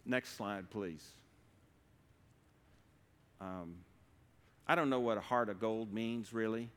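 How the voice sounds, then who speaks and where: A man giving an earnest devotional talk at a church service, halting and restarting as he speaks slowly. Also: lowish voice, a bit bright, clean tone, big-room sound. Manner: earnest, halting, with frequent restarts and slow pauses. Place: church sanctuary.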